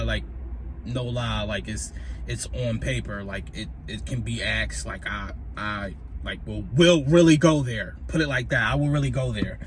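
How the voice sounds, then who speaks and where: On a break at his workplace, a man tells a profane, animated story for a casual vlog, lurching between loud outbursts and mutters. His voice is medium-pitched, with a little hiss or hum in the audio.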